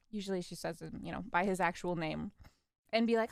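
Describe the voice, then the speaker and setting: A young woman streamer casually telling stories about her parents, animated and laughing, acting out their lines. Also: mid-range voice, quick pace, creaky, clean tone, no room sound, studio quality. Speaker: vtuber streamer. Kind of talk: casual storytelling.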